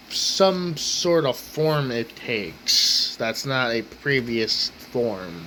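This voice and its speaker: A man's voice: mid-range voice, takes it slowly, hardly any pauses, a bit bright, a little hiss or hum, low-quality recording. A man ranting angrily at his table at home, exasperated, swearing and repeating himself. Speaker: ranting vlogger. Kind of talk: angry rant to camera. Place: home kitchen table, indoors.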